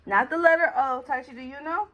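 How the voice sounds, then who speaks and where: A woman's voice: high-pitched, fairly quick, heavy background noise. A woman teaching letters to her young child, patient and sing-song, sounding out each letter. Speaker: special education teacher and mother.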